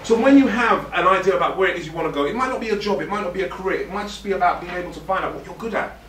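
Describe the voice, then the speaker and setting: A man's voice: high-pitched, racing, a bit bright, far from the mic, a little hiss or hum. A man, giving a playful, direct motivational talk to a youth forum audience. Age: 40s. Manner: joking, direct and playful, puts on slangy voices. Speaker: motivational speaker. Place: event hall with a live audience. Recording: echoey hall, speaker away from the mic.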